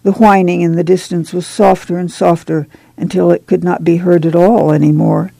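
Gravelly, mellow audiobook narrator. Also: medium pitch, level tone, normal speed, no room sound, low-quality recording. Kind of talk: audiobook reading of a novel.

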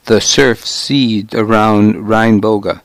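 A man reads a first-person historical novel aloud at a very unhurried pace, his voice pitched a little low. His delivery is measured and grave. The recording is close and dry, with no room sound. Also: fairly even intonation, no echo. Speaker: audiobook narrator. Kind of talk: scripted first-person narration.

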